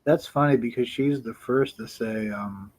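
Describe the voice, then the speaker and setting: A man's voice: mid-range voice, normal speed, darkish tone. A man co-hosting a podcast, dropping short wisecracking remarks into the host's story. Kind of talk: casual chat.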